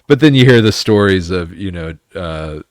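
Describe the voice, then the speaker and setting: A man's voice: sits low, lively intonation, moderate pace, a little mellow, dry recording, studio quality. A man hosting a podcast, chatting casually and respectfully, calling his guest sir. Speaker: podcast host. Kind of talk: casual chat.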